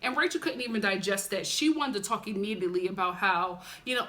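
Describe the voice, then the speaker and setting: A woman's voice: medium pitch, fast talker, hardly any pauses, sharp tone. A young woman from Philadelphia, talking straight to her viewers in a casual, emphatic TV recap vlog. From Philadelphia, USA. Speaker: TV recap vlogger.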